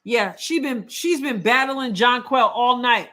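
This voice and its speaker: High bright-voiced woman reacting live. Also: a little slow. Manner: emotional, exclaiming, indignant about calls. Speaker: host of a live watch party. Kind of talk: live reactive sports commentary.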